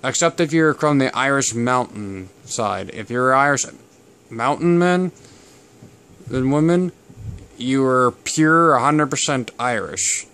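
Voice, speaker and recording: A man's voice: mid-range voice, takes it slowly, fairly bright tone, clean tone. A man, from Canada, talking casually to camera about family history in a rambling, digressive way. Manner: rambling and digressive, with many fillers. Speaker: channel host.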